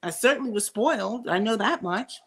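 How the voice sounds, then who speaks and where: A woman's voice: medium pitch, lively intonation, moderate pace, fairly bright tone, slightly rough. A middle-aged woman giving candid, opinionated commentary in a casual vlog, thinking aloud with frequent restarts and asides. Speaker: commentary vlogger.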